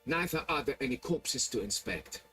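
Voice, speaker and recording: Pompous game aristocrat: condescending, fussy, animated intonation, faint music under. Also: male voice, mid-range voice, normal speed. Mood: grave. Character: pompous middle-aged nobleman, haughty and demanding. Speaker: vineyard owner hiring a monster hunter. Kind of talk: video game voice acting.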